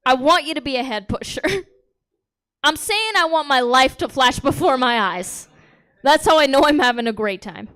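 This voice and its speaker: A woman works a comedy club crowd from the stage with a bawdy, brash stand-up set, chuckling along at her own jokes. Her voice sits a little high and comes through smooth and clear on the stage mic. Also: lively intonation, normal speed, a bit bright. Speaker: stand-up comic.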